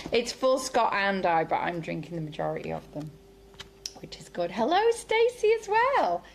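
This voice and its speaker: Bubbly woman, lively and gravelly. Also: medium pitch, a little hiss or hum. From United Kingdom. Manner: bubbly and chatty, says "okie dokie". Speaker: sales team director. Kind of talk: live video training call. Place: home room with sunlight behind.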